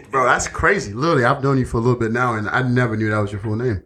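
A man's voice: medium pitch, fairly even intonation, quick pace, pushed and bright. A man co-hosting a podcast, telling a story in casual chat, laughing often and acting out the quotes. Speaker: podcast co-host.

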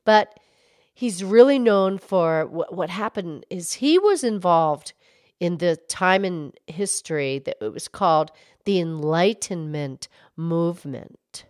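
Woman playing a patient cow co-host, slow, low-pitched, calm explainer. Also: dry recording, studio quality. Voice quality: calm, explanatory, hesitant restarts. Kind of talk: children's educational show.

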